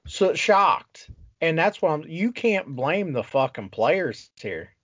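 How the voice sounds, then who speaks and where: A man's voice: on the high side, very animated, slow pace, a bit bright, breathy edge, no echo. A man co-hosting a casual sports talk show, ranting with exasperation and plenty of swearing. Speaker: podcast co-host. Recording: dull lo-fi sound.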